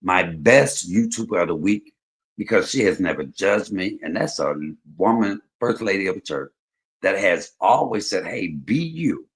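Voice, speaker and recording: A man hosting a livestream, telling stories in casual chat, swinging between loud and soft. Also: low-pitched, animated, normal speed. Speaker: livestream host.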